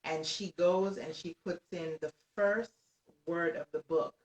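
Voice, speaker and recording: An excitable woman tells a story with lots of energy, at times laughing and shouting. Her voice sounds set back from the mic and echoes around a roomy space. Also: fairly low pitch, unhurried, recorded from a distance. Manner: animated, breaks into laughs and shouts when excited. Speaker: guest author. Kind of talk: excited storytelling on a live stream.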